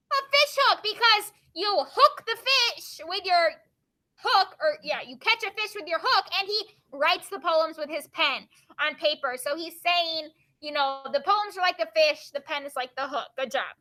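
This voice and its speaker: A woman teacher reading poems aloud to her class and quizzing her students with quick questions. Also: very high voice, animated, pushed and bright.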